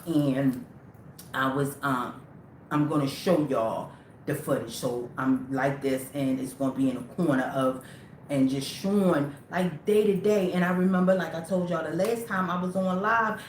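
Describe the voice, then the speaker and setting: Woman, lowish voice, rambling livestream chat to viewers, echoey room, faint rumble behind. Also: normal speed. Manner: rambling, talks straight to viewers. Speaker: livestream host. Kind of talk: casual livestream talk.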